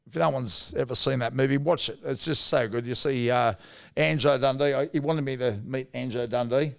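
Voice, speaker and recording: Podcast guest: middle-aged Australian man, gravelly mid-range voice, casual rambling yarns. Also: mid-range voice, brisk. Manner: blokey, rambling anecdotes with mild swearing. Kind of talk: casual storytelling.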